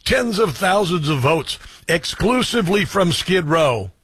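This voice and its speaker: A man's voice: high-pitched, big pitch swings, unhurried, a bit bright, breathy edge, no echo. A man hosting a talk show, delivering a political commentary monologue with sarcastic, rambling asides.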